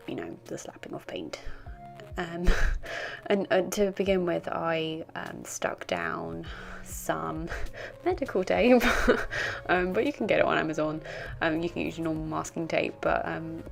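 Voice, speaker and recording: Girl rambling over her craft video, real gravelly fry, bit of music behind. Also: sits low. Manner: rambling, self-deprecating, giggly. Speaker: art journaling vlogger. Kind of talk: casual voice-over narration.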